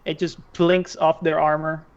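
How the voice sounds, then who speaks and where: A man's voice: on the high side, flat delivery, measured pace, clean tone. A man narrating a tabletop game as game master, hesitant with many fillers. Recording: dull lo-fi stream audio.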